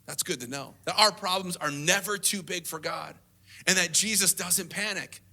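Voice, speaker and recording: A man preaching with a bright, sharp voice that sits high for a man and carries a gravelly edge. He talks to the congregation in a conversational way, jumping up into a higher voice when he acts out quotes. At tender moments he drops to a near hush. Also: normal speed. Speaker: lead pastor. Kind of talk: sermon.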